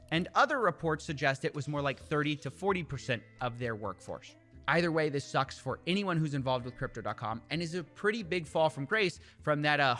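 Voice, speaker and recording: A man's voice: on the high side, pushed and bright. A man co-hosting a casual commentary show, wry and jokey in his delivery. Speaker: co-host.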